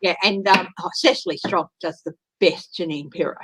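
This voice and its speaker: A woman hosting a casual chat, talking in an animated, chatty way. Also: on the low side, moderate pace, slight background noise, poor audio. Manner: animated, chatty, breaks into voices and laughter. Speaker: host.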